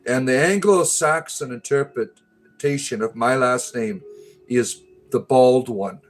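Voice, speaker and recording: A man rambles through a casual livestream chat, joking with his viewers and stumbling through fillers and restarts. His voice sits at an ordinary middle pitch. Faint music plays behind him. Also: slow pace. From United States. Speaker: livestream host.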